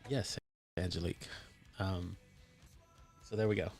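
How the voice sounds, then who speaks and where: A man's voice: low-pitched, fairly even intonation, unhurried, creaky, a little mellow, soft background music. A man hosting a casual live stream, chatty and enthusiastic with many fillers, his mic voice processed for added depth. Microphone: desktop microphone with voice processing.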